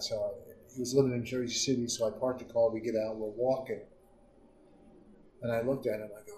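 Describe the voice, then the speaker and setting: A man's voice: mid-range voice, fairly quick, recorded from a distance, background noise. Profane man telling stories in a roomy studio. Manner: profane, animated storytelling. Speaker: comedian guest. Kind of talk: casual storytelling.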